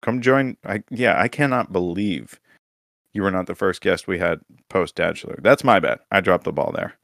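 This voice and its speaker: A man's voice: low voice, moderate pace, vocal fry, a bit bright, dry recording, clean studio sound. A man co-hosting a casual podcast, recapping league results with teasing, crude jokes. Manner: joking, teasing, crude humor. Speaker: podcast co-host.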